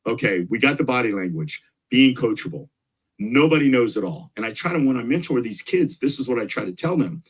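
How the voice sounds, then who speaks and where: Middle-aged male guest, husky, pushes his points with energy and repetition. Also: mid-range voice, brisk. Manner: energetic, emphatic, repeats key points. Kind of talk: casual interview talk.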